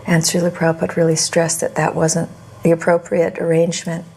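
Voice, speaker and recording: Woman w a lowish flat voice telling what happened, calm and steady. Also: fairly quick, creaky, breathy edge.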